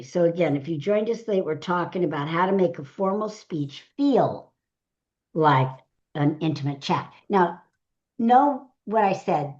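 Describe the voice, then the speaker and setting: A woman's voice: medium pitch, a little mellow, muffled recording. A middle-aged woman, a speaker trainer, teaching a live session, going through numbered tips and repeating each key phrase.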